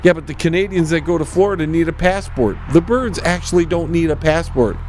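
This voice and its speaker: A man's voice: fairly high pitch, lively intonation, fairly quick, a little mellow, a little hiss or hum. A man hosting a comedy call-in radio show, playing the patient straight man.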